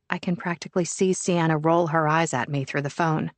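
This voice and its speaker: Low-voiced woman narrating a thriller. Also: no room sound. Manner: measured, even storytelling. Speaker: audiobook narrator. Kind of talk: first-person audiobook narration.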